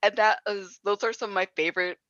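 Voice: medium pitch, steady tone, fast, pushed and bright, dry recording, lo-fi sound. An interview guest from New Jersey chatting casually, rambling through memories with lots of fillers and laughs.

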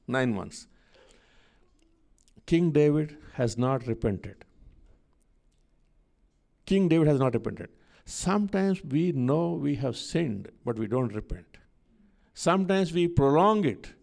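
A man's voice: mid-range voice, vocal fry, darkish tone. A man preaching a sermon, telling a scripture story and repeating key phrases for emphasis.

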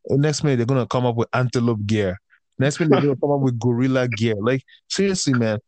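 A fed-up man venting in a loose, profane rant. His voice sits at an ordinary middle pitch, jumping up in bursts of frustration and sinking into weary mutters. The sound is dry and close, with no room around it. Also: fast talker, darkish tone, no room sound. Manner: heated, profane, exasperated ranting; swings between raised outbursts and tired grumbling. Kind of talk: casual ranting chat.

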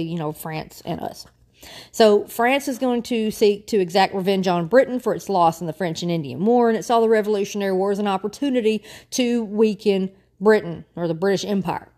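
A woman's voice: medium pitch, a little mellow. A woman giving a casual, chatty history lecture with informal asides, sometimes spelling out names. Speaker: history teacher.

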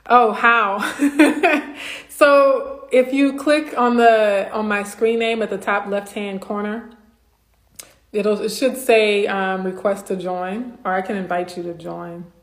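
A bubbly woman from Louisiana, USA, hosts a casual live stream, laughing often and greeting viewers by name. Her voice is medium-pitched, steady in tone and a little slow.

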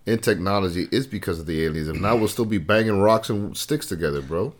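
Blunt, slangy man with a low voice. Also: quick pace. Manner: blunt, slangy, swears, calls friends bro. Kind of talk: casual chat.

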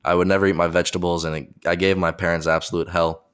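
A man's voice: sits low, little pitch movement, fast, a bit bright, clean tone. A young man from America hosting his own podcast, rambling casually and making jokes at his own expense. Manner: jokey, rambling, self-deprecating. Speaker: podcast host. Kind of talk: casual solo podcast monologue.

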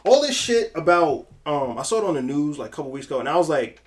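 A young man co-hosting a podcast in casual chat, animated and profane, with stretches where he acts out lines himself. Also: fairly high pitch, quick pace. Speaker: podcast co-host.

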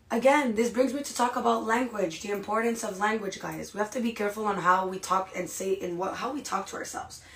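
A woman hosting a podcast, giving an energetic, casual motivational talk and often checking in with "right?" and "you guys". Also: medium pitch. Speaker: podcast host. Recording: echoey room.

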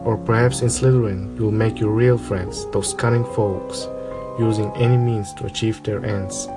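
A man voicing an old magical talking hat that muses slowly over its choices in a storybook reading. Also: fairly low pitch, steady tone, loud music behind the voice, lightly acted. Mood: sing-song verse. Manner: musing, drawn-out and pondering.

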